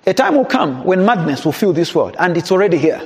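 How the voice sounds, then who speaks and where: A man preaches to his congregation, his voice pitched high and leaping up and down as he presses each point. The sound carries a long reverb, as from a church hall. He builds to emphatic calls. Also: sing-song, a little fast. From Zambia. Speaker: pastor. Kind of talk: sermon.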